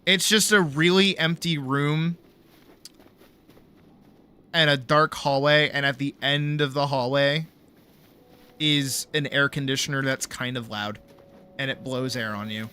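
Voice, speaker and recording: A man's voice: mid-range voice, steady tone, measured pace, long pauses, pushed and bright, smooth. A young man streaming a game, telling a story in a rambling, laid-back way, swearing freely and saying "like" a lot. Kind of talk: casual storytelling while gaming.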